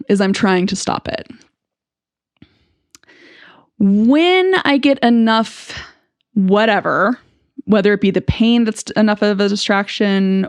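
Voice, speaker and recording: A woman's voice: mid-range voice, dry recording, studio quality. A woman hosting a podcast as a speech-language pathologist, speaking frankly and reflectively in a candid first-person monologue, with bursts of nervous laughter.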